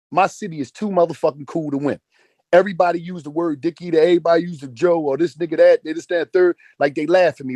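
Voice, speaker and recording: Man in his forties, rapid and raised, preaching hustle with relentless profanity. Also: a little high, a little mellow, no echo, studio quality. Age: 40s. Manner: profane, emphatic, repeats phrases for emphasis. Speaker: speaker in an online audio chat room. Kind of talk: motivational rant.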